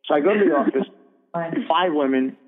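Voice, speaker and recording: A middle-aged man hosts a radio talk show, speaking bluntly and indignantly and swearing freely. His voice sits a little high for a man. The audio is thin and phone-like, with a long reverb trailing behind it. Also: fast.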